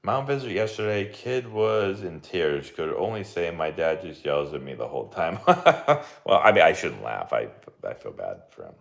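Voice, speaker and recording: A man's voice: deep voice, expressive, normal speed, gravelly. A young man, a baseball coach hosting a casual live watch-along and chatting with lots of fillers and laughs.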